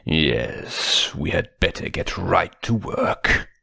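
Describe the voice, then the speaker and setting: A man voicing a cruel armored male villain in an audiobook, speaking in a slow, whispery, sing-song taunt. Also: extremely low pitch, sing-song, vocal fry, sharp tone, husky, dry recording, studio quality, heavily acted.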